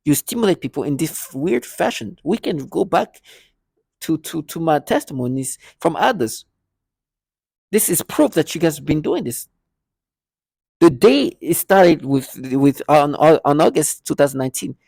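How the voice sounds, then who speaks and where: His voice is a little high yet darkish and husky, with vocal fry, lively intonation, and a slightly slow pace, captured in a dry, studio-quality recording. The male vlogger wanders through a personal monologue, full of restarts and repetitions, voicing both sides of conversations from memory.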